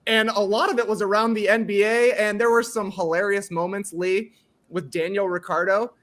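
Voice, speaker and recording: A man's voice: high-pitched, fairly even intonation, moderate pace, fairly bright tone. A man hosting a podcast in casual chat. He laughs often as he talks. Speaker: podcast host.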